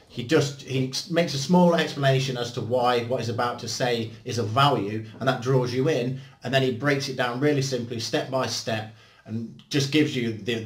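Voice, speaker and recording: A man hosting his channel, giving a casual, blunt book review with self-mocking jokes and casual swearing. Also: medium pitch. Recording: roomy echo with faint background music.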